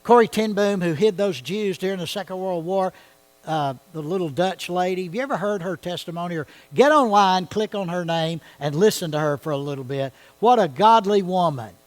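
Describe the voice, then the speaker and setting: A man's voice: sits high, moderate pace, low-quality recording. Man teaching a church Bible study. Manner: conversational, asks the audience questions.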